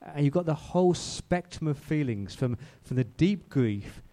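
A man's voice: fairly high pitch, expressive, a little slow, dark tone. A man preaching a sermon in a church, who speaks conversationally and often repeats and restarts his words. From outside Australia.

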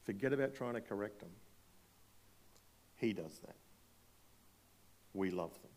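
Guy preaching a sermon, kinda low voice, punchy, keeps asking the crowd questions. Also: animated, measured pace, a little mellow. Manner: emphatic preaching, rhetorical questions, polls the congregation. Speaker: pastor. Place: church hall before a congregation.

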